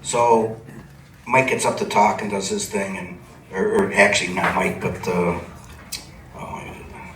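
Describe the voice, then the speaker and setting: A man's voice: lowish voice, fairly even intonation, measured pace, long pauses, background noise. An older man from Cleveland, a television personality, telling rambling anecdotes to a live supper club audience with plenty of chuckling. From Cleveland, USA. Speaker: TV personality telling stories on stage. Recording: echoey club from a distant mic, audible ambience.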